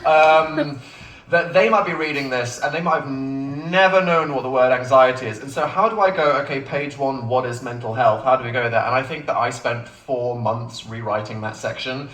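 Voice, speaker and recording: A man, an author chatting on stage at a book event Q&A, self-mocking and quick to laugh. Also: medium pitch, fairly bright tone, far from the mic. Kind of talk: live on-stage Q&A chat. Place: bookshop event space with a live audience. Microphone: phone recording from the audience. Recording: echoey room taped from afar.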